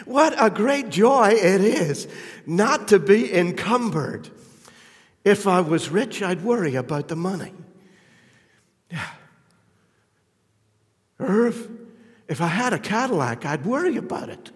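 A man preaching a sermon, fervent and emphatic at the peaks, then dropping to a quiet, intimate tone. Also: sits high, very animated, slow, long pauses, long reverb tail.

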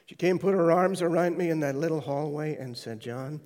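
A man preaching a sermon, telling his testimony with hushed, tender stretches and sudden loud quoted voices. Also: a little high, moderate pace. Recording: large hall reverb.

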